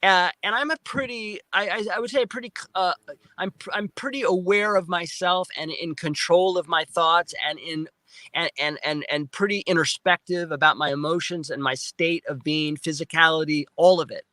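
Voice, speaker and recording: A male guest on a live interview recounting a personal experience in animated storytelling, restarting and repeating words often and acting out his own remembered speech. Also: on the high side, normal speed, no room sound, rough recording. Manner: excited retelling with frequent restarts and repeated words; acts out his own past speech in quotes. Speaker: guest, film producer.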